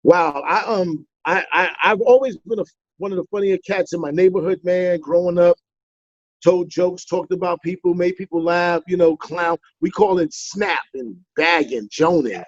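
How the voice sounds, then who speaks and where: This Bronx-born comedian spins teasing, playful tales as a guest in a laid-back interview, animated throughout. He speaks at a moderate pace in a high voice, recorded without echo and with the highs cut off.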